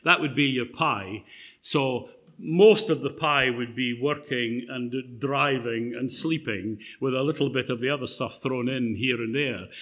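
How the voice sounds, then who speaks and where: A man's voice: mid-range voice, bright, forceful tone. A middle-aged man preaching a sermon in a conversational way, telling a personal story with fillers and restarts.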